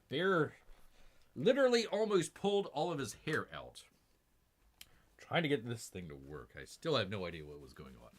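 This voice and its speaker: A man's voice: medium pitch, a bit bright. Rambling man who calls himself Bear. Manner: rambling, with many fillers and restarts; keeps addressing viewers as "people". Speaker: live-stream comic book reviewer. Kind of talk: casual live-stream chat.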